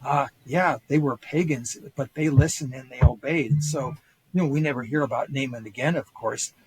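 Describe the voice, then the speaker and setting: On a low-quality recording, an older man speaks at normal speed in a medium pitch. He's a historian guest on a podcast, casually recounting ancient tales lecture-style with quoted voices and plenty of fillers and false starts.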